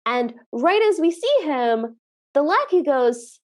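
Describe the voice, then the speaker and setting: A woman co-hosting a podcast, recapping a movie in casual chat and acting out the characters' lines with animated energy. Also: sits high, unhurried. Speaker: podcast co-host.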